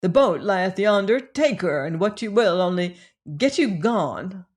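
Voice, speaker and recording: A woman's voice: mid-range voice, lively intonation, unhurried, darkish tone. A woman reader voicing a proud, heartbroken young woman in an audiobook. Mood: defiant. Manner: pleading, then fiercely proud. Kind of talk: audiobook character reading.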